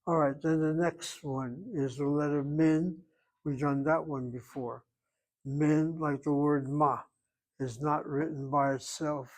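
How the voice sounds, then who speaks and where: Older guy teaching hebrew grammar, kinda high voice, patient, repeats himself a lot. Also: fairly even intonation, slow, darkish tone, rough recording. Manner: patient, explanatory, repeats points, clears throat. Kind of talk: online class lecture.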